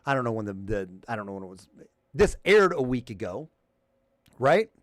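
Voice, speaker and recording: Man ranting on a livestream, lively pitch. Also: moderate pace, no echo, clean studio sound. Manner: heated, profane, reads viewer chat aloud. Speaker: livestream call-in host.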